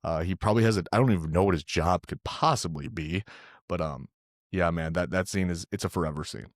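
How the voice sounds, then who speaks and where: Deep-voiced man in casual podcast chat. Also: fairly quick, no room sound, clean studio sound. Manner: loose and profane, says "dude" a lot. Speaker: podcast co-host. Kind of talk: casual film review chat.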